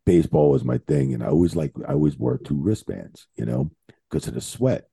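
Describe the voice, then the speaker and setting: A man with a low, gravelly voice and a dark, husky tone tells wrestling road stories on a podcast. His pitch swings widely as he works through profane, animated anecdotes. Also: fairly quick, dry recording. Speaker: guest, veteran wrestling referee. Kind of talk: casual podcast storytelling.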